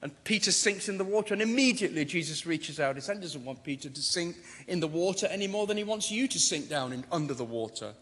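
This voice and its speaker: A man's voice: fairly high pitch, lively intonation, quick pace, hardly any pauses, a bit bright. A man preaching a sermon, dramatic and rising to emphatic declarations. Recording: long reverb of a large hall.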